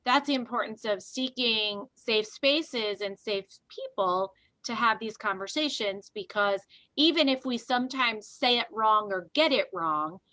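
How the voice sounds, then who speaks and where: A woman's voice: fairly high pitch, measured pace, sharp tone, no echo. A woman co-hosting a casual discussion, thinking aloud and searching for her words as she goes. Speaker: co-host.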